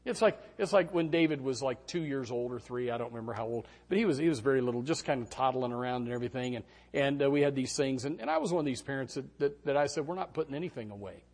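Animated, lively-voiced man preaching. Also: medium pitch, fast talker, few pauses. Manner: animated storytelling with shouted quotes. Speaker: pastor. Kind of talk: sermon.

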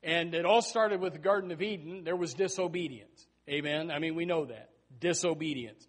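A middle-aged male preacher delivers a sermon, wandering into a long personal story. He talks in a rambling way, full of restarts and asides, in a voice that sits a little high for a man. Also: fairly quick, hardly any pauses, fairly bright tone.

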